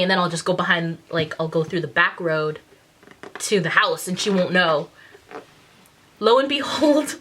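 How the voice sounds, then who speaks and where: A woman's voice: mid-range voice, fairly bright tone, rough recording. A woman, telling stories casually on her vlog, laughing often and acting out the voices in them. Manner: chatty, laughs often, acts out quotes. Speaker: vlogger. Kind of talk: casual confessional storytelling.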